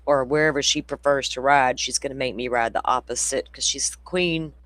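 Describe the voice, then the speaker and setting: A man's voice: medium pitch, fairly quick, fairly bright tone, no room sound. A man hosting a casual true crime livestream, rambling through stories, laughing often and swearing freely. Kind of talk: casual chat with viewers.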